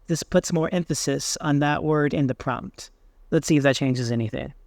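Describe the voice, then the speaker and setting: Man in a tutorial voice-over, easygoing and thinking aloud, slightly high voice, dry close recording. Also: normal speed, no room sound. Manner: relaxed, thinking aloud with fillers. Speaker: tech tutorial host. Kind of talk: screen-recorded software walkthrough.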